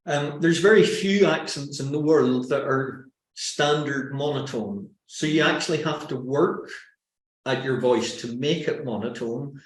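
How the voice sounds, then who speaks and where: Northern Irish man, joking presenter, roomy sound. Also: mid-range voice. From Northern Ireland. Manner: lively and joking, with self-mocking anecdotes. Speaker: webinar presenter. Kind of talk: presenting a public speaking workshop. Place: indoors, on a video call. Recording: roomy echo.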